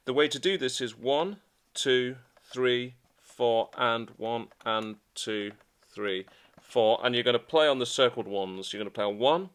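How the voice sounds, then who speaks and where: A man teaching a guitar piece in a relaxed, chatty way, with fillers as he explains and counts beats. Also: mid-range voice. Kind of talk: casual instructional talk.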